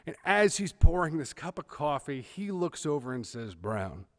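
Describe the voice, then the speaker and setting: A man's voice: a little high, expressive, normal speed, fairly bright tone, big-room sound. Man telling a funny story. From California. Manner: humorous, self-deprecating storyteller. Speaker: church service speaker. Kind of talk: personal story in a church service.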